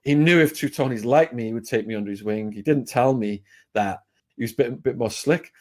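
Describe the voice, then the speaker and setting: A man's voice: mid-range voice, a little fast, darkish tone. An English man, a podcast guest, telling a long story in a blunt, plain-spoken way with fillers and restarts. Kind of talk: casual storytelling.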